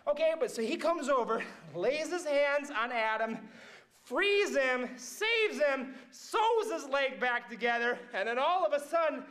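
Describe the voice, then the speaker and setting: A man playing a mixed-up, excitable storyteller who retells Bible stories to kids, rambling and checking in with "right?" and "okay?". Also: very high-pitched, measured pace, heavily acted. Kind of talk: comic Bible story monologue.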